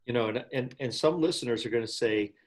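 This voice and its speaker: A man hosting a podcast, chatting casually and telling a personal story with lively quoted asides. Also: mid-range voice, fast. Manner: tells personal stories with animated quoted asides. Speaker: podcast host. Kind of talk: casual interview chat.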